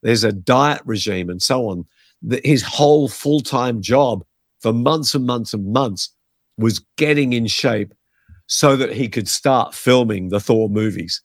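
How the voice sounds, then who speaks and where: A man's voice: medium pitch, no echo, studio quality. A man, a pastor teaching in a conversational, earnest way and giving numbered points. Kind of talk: podcast teaching on faith and health.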